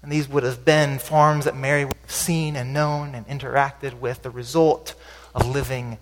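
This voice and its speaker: A man's voice: medium pitch, little pitch movement, moderate pace. Guy preaching a sermon in a church, chatty style, keeps asking the crowd questions, long echoey reverb. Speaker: pastor. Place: church sanctuary.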